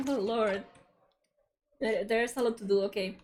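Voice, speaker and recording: A woman's voice: a little high, fairly even intonation, unhurried, darkish tone, slight background noise. A young woman streaming a video game, chatting casually with viewers and reading the game's dialogue aloud in a bubbly way. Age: young adult. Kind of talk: casual stream chat while playing a game.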